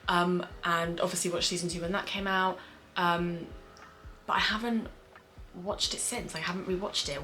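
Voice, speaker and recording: Young british woman rambling on at home, lots of um and like, swears a bit, lowish voice. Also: a bit bright, a little hiss or hum. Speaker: screenwriter reacting to a show. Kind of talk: casual reaction vlog chat. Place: home room with windows open on a hot day.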